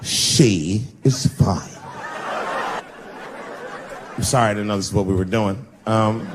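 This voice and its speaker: A man doing stand-up comedy, telling stories in an animated, profane way. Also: fairly low pitch, fast talker, a crowd in the background, background noise.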